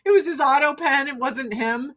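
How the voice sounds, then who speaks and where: A woman's voice: high-pitched, moderate pace, a bit bright. A woman hosting a podcast, ranting in a blunt, profane, sarcastic way and laughing often. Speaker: podcast host. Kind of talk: casual ranting chat.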